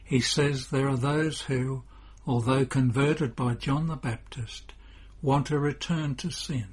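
A man reading a devotional story as narrator in a slow, measured way. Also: mid-range voice, slightly rough.

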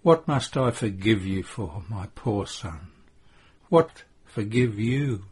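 A man's voice: on the low side, expressive, takes it slowly, a little mellow, husky, heavily acted. A man voicing an anguished grieving mother. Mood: tender. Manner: pleading, breathless, rising to cries. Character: grieving old mother, gentle but anguished. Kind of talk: devotional story reading.

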